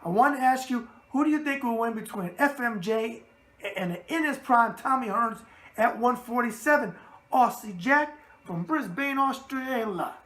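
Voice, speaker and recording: A man with a New York accent and a raspy voice, hosting a boxing mailbag show in a brash, streetwise manner full of catchphrases. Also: extremely high pitch, moderate pace, fairly bright tone. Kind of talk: casual boxing mailbag talk.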